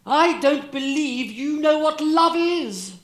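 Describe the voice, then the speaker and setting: A woman's voice: high-pitched, lively intonation, slow, reverberant. A woman playing a jealous, snappish male poet, acting broadly on a theater stage. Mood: peevish. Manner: snappish, huffy. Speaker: stage actor. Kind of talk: amateur stage musical acting.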